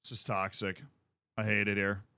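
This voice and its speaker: Casting note man, streamer, crisp bright voice, chatty and rambling, dry close sound. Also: on the low side, completely flat delivery, normal speed, no room sound. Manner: rambling, chatty, with frequent restarts. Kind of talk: casual livestream chat.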